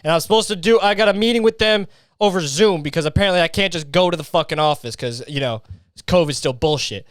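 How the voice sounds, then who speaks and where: A man's voice: on the high side, fast, no room sound, studio quality. A young man hosting a solo comedy podcast, ranting profanely and acting out voices while sweating in a heatwave. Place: his hot bedroom.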